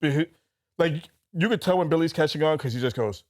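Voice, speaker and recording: A man's voice: a little high, fairly quick, a little mellow. A man co-hosting a podcast, chatting casually and telling stories with joking, laughing asides. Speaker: podcast co-host. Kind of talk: casual storytelling chat. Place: podcast recording room.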